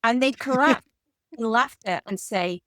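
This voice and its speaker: English woman in her 50s chatting in an interview, animated storyteller, dry close sound. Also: fairly high pitch, moderate pace, no room sound. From England. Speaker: guest author. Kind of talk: conversational interview.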